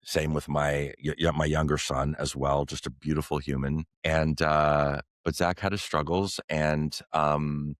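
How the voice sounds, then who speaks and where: Deep-voiced middle-aged man telling stories. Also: little pitch movement, no echo. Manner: earnest, halting with many fillers and restarts. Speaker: podcast guest. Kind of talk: personal storytelling in conversation.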